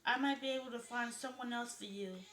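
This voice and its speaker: A woman's voice: on the high side, a little fast, fairly bright tone, lightly acted. A woman reading the lines of a gossipy, talkative man with a southern drawl, in a roomy-sounding recording. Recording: roomy echo.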